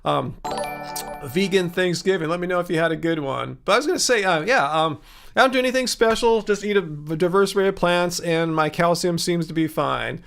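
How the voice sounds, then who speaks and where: Man, livestream host, casual chat, slightly high voice, rambling, restarts a lot. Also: a little fast, creaky, fairly bright tone, faint music behind. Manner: rambling, many fillers and restarts, jokey. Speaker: livestream host answering viewer questions.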